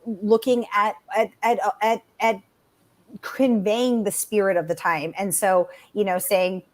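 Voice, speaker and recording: Woman author guest, animated and talkative, average pitch. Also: measured pace. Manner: animated, chatty, many fillers. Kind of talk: conversational interview answers.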